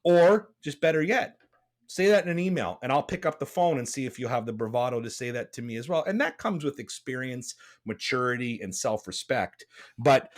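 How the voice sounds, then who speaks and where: A man's voice: medium pitch, lively intonation, a little fast. A man hosting a podcast, talking bluntly and passionately, rambling with restarts. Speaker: podcast host. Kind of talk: casual podcast chat.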